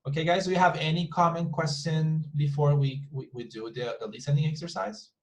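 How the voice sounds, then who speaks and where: A man with a slightly high voice runs an online English lesson over a computer mic on a video call. He talks in a loose, repetitive way, circling back to the same point. He often turns to his students with quick questions. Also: poor audio. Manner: chatty, repetitive, asks the class frequent questions. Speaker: English teacher. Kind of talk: online class teaching.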